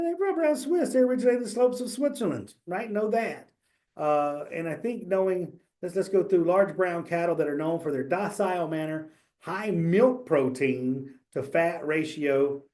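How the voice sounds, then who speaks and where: A man's voice: on the high side, a little mellow. A man giving a casual exam prep webinar, talking loosely with fillers, restarts and small jokes. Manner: loose, chatty, joking, many fillers and restarts.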